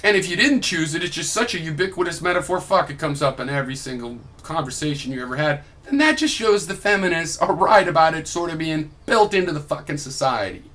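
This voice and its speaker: A man's voice: a little high, expressive, fast, few pauses, fairly bright tone. A young adult man recording a heated reply vlog, ranting in a combative, sarcastic and profane way. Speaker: video blogger.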